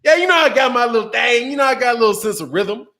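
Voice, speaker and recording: A man's voice: very high-pitched, expressive, fast, pushed and bright. A man hosting a boxing channel, chatting casually on a livestream. He talks in slang, laughs often and rambles. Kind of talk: casual livestream chat reading super chats.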